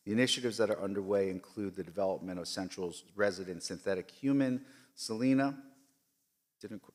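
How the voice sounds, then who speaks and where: A man giving a formal speech at a board meeting, emphatic and repetitive, with frequent fillers. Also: on the low side. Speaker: system leader giving a report. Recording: long reverb of a large hall.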